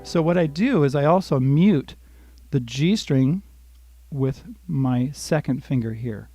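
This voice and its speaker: A man's voice: mid-range voice, slow. An older man giving a live-streamed guitar lesson, talking through chords and strum patterns and chatting with viewers by name. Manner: talks through chords and strums, sings lines softly. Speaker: guitar teacher. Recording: guitar playing under the voice.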